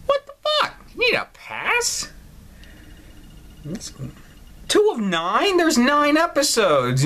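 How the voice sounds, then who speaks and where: The voice belongs to a man pitched fairly high, with a fairly bright tone. He hosts a gaming channel and offers casual let's-play commentary on a mobile story game, laughing a lot and cursing as he pokes fun at it.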